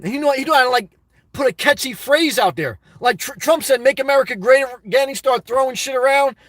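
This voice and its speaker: High, bright-voiced man rambling excitedly. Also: dry recording. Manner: rambling, excitable, crude and off-the-cuff. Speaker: livestream host reading chat. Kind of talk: rambling casual livestream chat. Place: inside his car.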